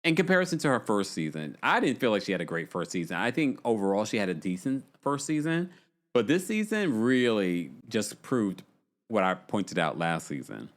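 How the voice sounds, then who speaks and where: A man's voice: lowish voice, sing-song, normal speed. A man hosting a casual livestream, chatting about reality TV and reading viewer comments aloud. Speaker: livestream host.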